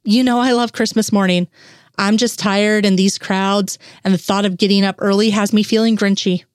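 A woman's voice: medium pitch, steady tone, normal speed, clear, resonant tone, no room sound, close to an everyday voice. A worn-out female agent with a dry wit, read by a woman. She sounds weary and wry. The sound is close and dry. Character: tired, dry-witted female federal agent, adult.

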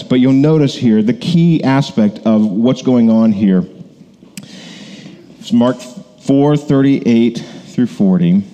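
A man's voice: medium pitch, dark tone. A man preaching a conversational sermon, rambling with many fillers and self-corrections. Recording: long hall reverb.

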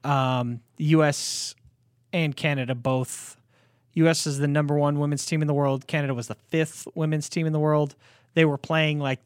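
A man with a slightly higher voice co-hosting a podcast, rambling along with plenty of ums and restarts. He keeps an easygoing, conversational tone. The recording is dry and close-miked. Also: smooth, no echo. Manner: rambling, filler-heavy, easygoing. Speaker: podcast co-host. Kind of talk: casual chat.

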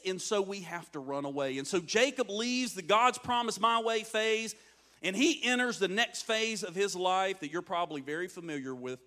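A man's voice: high-pitched, a bit bright. A man preaching a sermon, telling a story and acting out its voices, often turning to the crowd with questions. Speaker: pastor.

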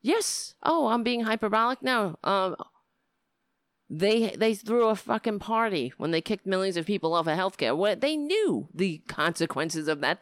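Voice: medium pitch, no room sound, clean studio sound. A middle-aged livestream host talking straight to viewers, ranting in a heated, profane way and sometimes slipping into easygoing chat. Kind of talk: casual livestream talk.

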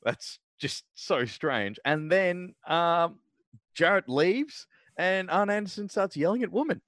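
A man's voice: sits high, lively intonation, takes it slowly, fairly bright tone, dry recording. A man co-hosting a casual podcast chat. He rambles through long recaps with plenty of fillers and restarts, his voice close and dry with no room sound around it. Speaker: podcast co-host.

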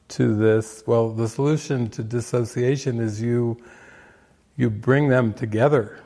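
An older man giving spiritual commentary on a film, unhurried and reflective, with frequent fillers and restarts. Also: mid-range voice, a little mellow.

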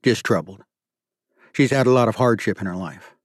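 A male narrator voicing a calm, earnest reverend who speaks gently and evenly. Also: fairly low pitch, moderate pace, no room sound, studio quality.

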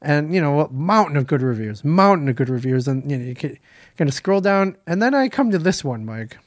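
A man co-hosting a casual chat, telling a story with halting restarts and reading aloud. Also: fairly high pitch, big pitch swings, dry recording, clean studio sound. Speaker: podcast co-host.

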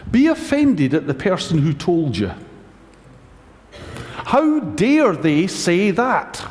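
A man's voice: on the high side, darkish tone. A man preaching a conversational sermon, wry and anecdotal with self-mocking humour. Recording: echoey hall reverb.

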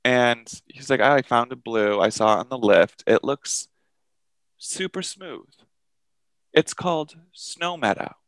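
A man co-hosting a podcast, telling a story in a casual, profane, animated way and acting out what others said. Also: medium pitch, normal speed, few pauses, smooth, no room sound, rough recording. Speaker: podcast co-host.

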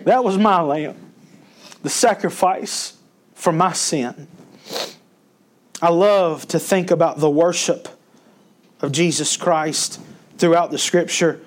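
A male pastor preaching a sermon, folksy and storytelling, rising in emphasis when he quotes scripture. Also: on the high side.

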